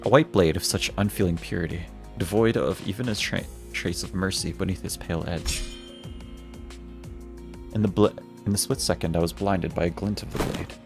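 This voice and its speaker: A man's voice: sits low, normal speed, darkish tone, soft background music. A male streamer reading a game's story text aloud, often restarting words he stumbles on.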